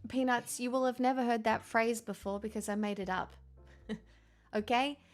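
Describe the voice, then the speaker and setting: A woman's voice: fairly high pitch, steady tone, normal speed, soft background music. A young woman hosting a livestream, chatting casually and playfully with viewers, laughing often and sounding very tired. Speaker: livestream host. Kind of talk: casual chat reading viewer messages.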